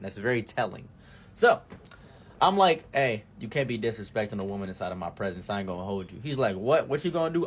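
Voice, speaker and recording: Husky young man telling a wild story. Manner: animated storytelling, jumps between loud bursts and low mumbles. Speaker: streamer. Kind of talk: storytime commentary.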